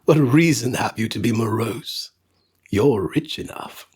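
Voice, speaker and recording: A man voicing a cheerful, upbeat young man who pleads warmly with his grumpy uncle in a storybook reading. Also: mid-range voice, measured pace, husky.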